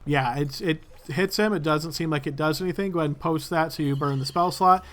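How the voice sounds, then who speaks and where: A man's voice: fairly high pitch, brisk, fairly bright tone. A man running a tabletop game as game master, explaining rules and narrating at an easy pace.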